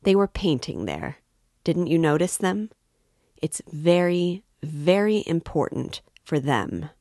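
A woman's voice: sits low, very animated, takes it slowly, dark tone, no room sound, clean studio sound, pitched above the performer's own voice, exaggerated voice. A woman reading an audiobook voices an affable, prying older male magistrate who talks with excessive politeness. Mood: amiable probing. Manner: overly polite, familiar, insinuating.

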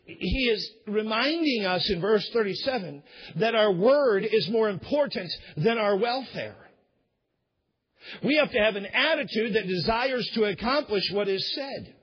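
A man preaches from the pulpit in an easy, conversational way, often stumbling into repeated words and slipping into quoted voices. His voice sits high for a man and has a husky edge. The recording is dull and lo-fi. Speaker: pastor. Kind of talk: sermon.

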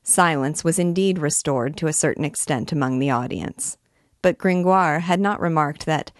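A woman reading a classic novel aloud in a measured, expressive way. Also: low voice, no room sound, clean studio sound. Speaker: reader and teacher.

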